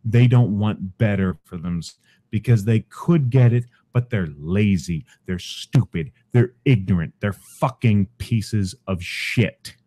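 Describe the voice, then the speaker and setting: Furious ranting man, dark voice. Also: on the low side, slow. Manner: profane, furious, shouting rant. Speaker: podcast host. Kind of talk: angry ranting commentary.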